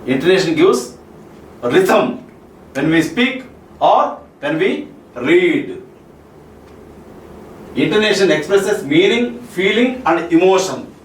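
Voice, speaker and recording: A man with an Indian English accent giving a classroom lecture on spoken English, repeating each point and checking with "Okay?" and "Clear?". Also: high voice, a little hiss or hum. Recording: roomy echo, mic far off, faint ambience.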